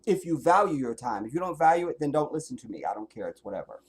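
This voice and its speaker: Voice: mid-range voice, big pitch swings, quick pace, husky. A livestreamer ranting bluntly and profanely to viewers, preaching about life and relationships. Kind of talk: livestream rant.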